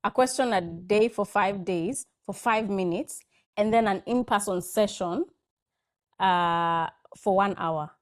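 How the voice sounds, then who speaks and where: A woman's voice: mid-range voice, takes it slowly. A woman, a guest in a casual chat, telling anecdotes and acting out what people said. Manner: chatty anecdotal storytelling, acting out quoted lines.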